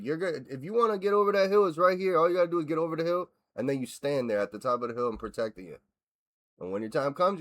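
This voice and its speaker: A man hosting a reaction video, ranting bluntly and with lots of swearing as he breaks down a fight. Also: mid-range voice. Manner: profane, blunt, animated ranting. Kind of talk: casual fight reaction rant.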